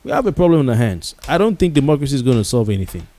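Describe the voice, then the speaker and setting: A man's voice: medium pitch, very animated, very fast, mellow. A Nigerian-accented man hosting a late-night talk show, giving a heated commentary monologue with pidgin words mixed in. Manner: passionate and ranting, mixing pidgin words.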